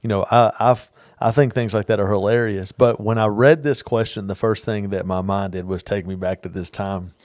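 A man co-hosting a casual podcast chat, telling stories in an earnest, animated way. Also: lowish voice, normal speed, hardly any pauses, dry recording, studio quality. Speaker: podcast co-host.

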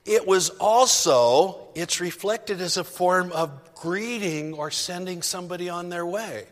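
The long reverb of a church hall surrounds a male pastor with a high, unhurried voice. He gives his congregation a conversational sermon, chatty and self-deprecating, with plenty of asides.

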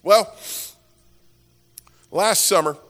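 A man's voice: sits high, very slow, fairly bright tone. A man preaching a sermon as a pastor, telling a story and building to impassioned exhortation. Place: church sanctuary with worship music. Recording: reverberant hall with music behind.

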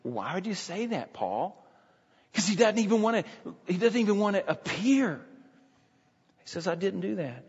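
A man's voice: sits high, very animated, normal speed, long pauses, husky. A man preaching an expository sermon, emphatic, repeating key phrases and often restarting sentences. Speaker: pastor. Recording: dull sound with long hall reverb.

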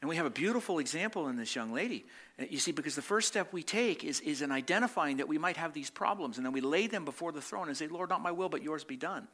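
Man, pastor delivering a sermon; bright, forceful voice; rhetorical questions, repeats lines, swings loud to hushed. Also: fairly high pitch, animated. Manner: swings between loud emphatic peaks and quiet, slowed reflective passages.

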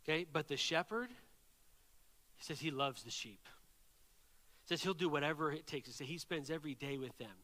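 A man preaching a sermon, telling a story in an animated way and often checking in with "right?" and "okay?". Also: on the high side, brisk, long pauses, in a large hall.

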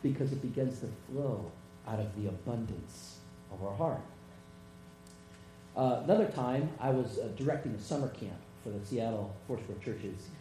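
Mellow-voiced male pastor, echoey room. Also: medium pitch. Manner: halting, repeats words, retells conversations. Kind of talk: sermon with personal stories. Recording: echoey room with mains hum.

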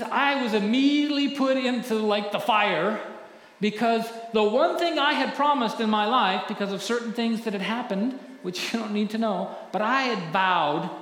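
A middle-aged male pastor preaching a sermon earnestly, often dropping to a hushed voice when telling stories. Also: sits high. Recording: echoey hall with faint ambience.

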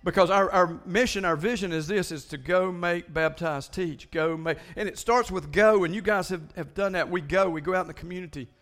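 High-voiced pastor preaching. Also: male voice, a little fast, hardly any pauses. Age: older than most listeners. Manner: animated, repeating words in bursts. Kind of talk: sermon.

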